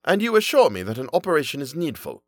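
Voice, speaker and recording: A man voicing a cool-headed Victorian surgeon who speaks in a calm, clinical, measured way. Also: on the high side, no room sound, studio quality, voice pushed up.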